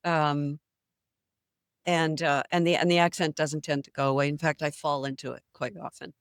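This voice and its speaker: A woman's voice: low-pitched, moderate pace, clean tone, no echo, clean studio sound. An older woman, an actress, talking as a guest in a casual interview, telling stories with animation and frequent laughter. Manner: animated storyteller, laughs often. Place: New England.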